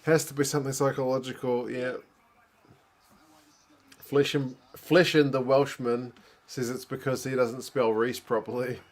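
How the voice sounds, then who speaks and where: A man's voice: medium pitch, flat delivery, a little slow, long pauses. A man hosting a casual live watch-along, chatting and reacting aloud to a rugby match. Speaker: host.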